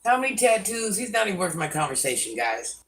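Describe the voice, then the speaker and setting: A woman's voice: mid-range voice, sing-song, fast talker, fairly bright tone, distant mic, poor audio. An older woman hosting a live stream, scolding commenters by name and chatting with viewers. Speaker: livestream host.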